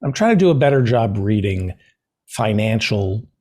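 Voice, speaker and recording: A man hosting a talk show, his voice a little husky and his pitch swinging widely as he talks. He jokes in a dry, self-deprecating, deadpan way in relaxed conversation. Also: moderate pace. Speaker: podcast host. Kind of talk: casual chat.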